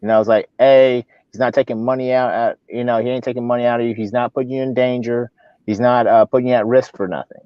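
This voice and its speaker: A man's voice: medium pitch, fast talker, smooth, no room sound, muffled recording. A man co-hosting a live talk show, giving casual opinion commentary in a rambling, ranting way. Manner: rambling, repeats and restarts, animated ranting.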